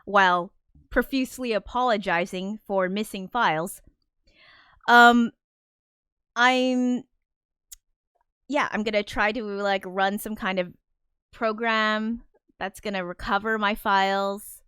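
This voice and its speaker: During a casual livestream chat, a woman who streams and composes music rambles and puts herself down, swearing a lot and laughing nervously, sounding flustered and anxious. Her medium-pitched voice is smooth, clear and fairly bright, with fairly even intonation and a slow pace broken by frequent pauses. The recording is close and dry, with no room sound or echo.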